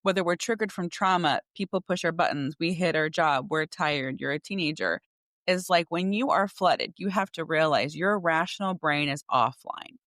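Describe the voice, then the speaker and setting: A woman's voice: deep voice, normal speed, dry recording, clean studio sound. A woman in her forties, a podcast co-host and coach, chatting casually and acting out her kids' voices as she tells stories. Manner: animated storyteller who acts out her kids' voices. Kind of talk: casual chat.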